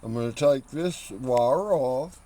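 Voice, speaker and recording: A man's voice: medium pitch, animated, takes it slowly, warm tone, slight background noise. A man filming a casual how-to video while working on his truck engine, slightly out of breath and rambling as he points things out. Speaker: home mechanic.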